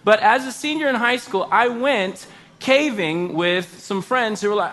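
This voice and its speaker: A man telling a comedic personal story, animated and self-mocking, with exaggerated outbursts. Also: fairly high pitch, normal speed.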